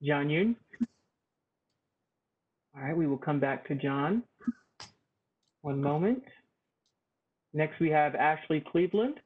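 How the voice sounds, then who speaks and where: A man's voice: fairly high pitch, expressive, takes it slowly, long pauses. A man moderating a public meeting, calling on commenters one by one and repeating their numbers and names. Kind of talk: procedural meeting announcements. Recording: tinny phone-line audio.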